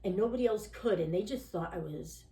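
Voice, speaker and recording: A woman with a lowish, mellow voice speaks briskly as a podcast guest, telling her own story in a candid, rambling way. She peppers it with "you know" and "like" and often acts out the voices of people she quotes. The recording has a roomy echo.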